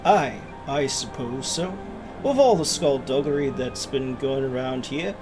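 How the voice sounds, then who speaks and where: A man's voice: medium pitch, expressive, a little slow, music in the background, natural voice. A man voicing a grieving, gloomy village blacksmith with a wandering put-on Scottish brogue.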